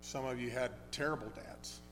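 A man preaching a sermon, telling a story in a conversational, halting way with many restarts. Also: medium pitch, fairly even intonation. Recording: long hall reverb with faint hum.

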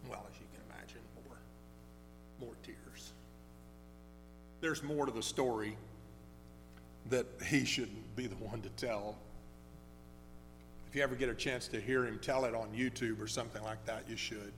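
A man preaching a sermon, telling a story in a conversational, halting way with many restarts. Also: mid-range voice, steady tone, fairly bright tone. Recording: long hall reverb with faint hum.

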